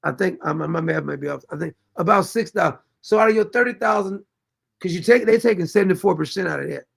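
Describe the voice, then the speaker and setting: Mocking high-voiced man with a gravelly edge. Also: fast talker. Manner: mocking, exasperated, sarcastic; reads viewer comments aloud. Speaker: commentary show host. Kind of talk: reaction commentary on clips.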